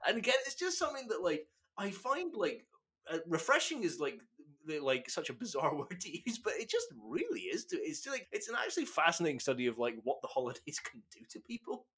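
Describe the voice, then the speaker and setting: A man's voice: high-pitched, wildly swooping pitch, a little fast, a bit bright, slightly rough. A man, musing about a film in a casual podcast chat, rambling with many fillers. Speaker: podcast co-host.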